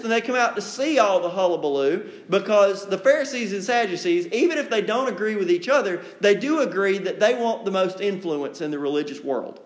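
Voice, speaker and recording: A man delivers an evening sermon to a congregation in a church room, speaking in a folksy, conversational way and acting out quotes with sarcasm. His voice sits high and sounds a bit bright.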